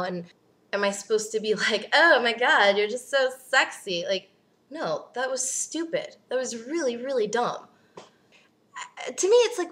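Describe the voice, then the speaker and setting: Animated, exasperated young woman. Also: high voice. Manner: animated, exasperated, swears freely. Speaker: vlogger. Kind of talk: casual ranting vlog.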